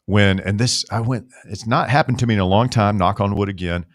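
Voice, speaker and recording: A man co-hosting a sports talk show, telling animated self-mocking stories in casual banter. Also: on the low side, fairly quick. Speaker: sports radio co-host.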